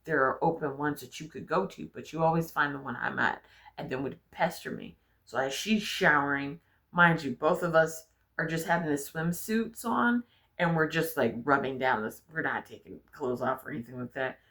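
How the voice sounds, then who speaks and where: Low-voiced woman telling frank, profane stories. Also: moderate pace. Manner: frank, profane, animated storyteller. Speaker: vlogger. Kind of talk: candid personal storytelling.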